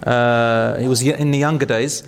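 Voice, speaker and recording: A man's voice: medium pitch, fairly even intonation, moderate pace, smooth. Earnest male speaker in an echoing hall. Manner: earnest, encouraging, storytelling. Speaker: speaker at a talk. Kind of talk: religious talk with Q&A.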